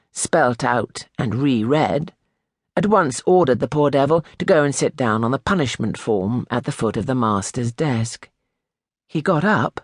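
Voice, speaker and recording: A man reads a classic novel aloud in a measured, expressive storytelling manner. His voice sits at a middle pitch for a man. The recording is dry and close, with no room echo. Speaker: audiobook narrator. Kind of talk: scripted literary narration.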